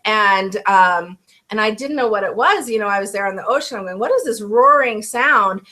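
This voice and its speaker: A woman's voice: medium pitch, animated, normal speed, sharp tone. A woman, a life coach speaking as a guest, talking about nature in an earnest, reflective way. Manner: earnest, thoughtful, with many restarts. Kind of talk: reflective conversation.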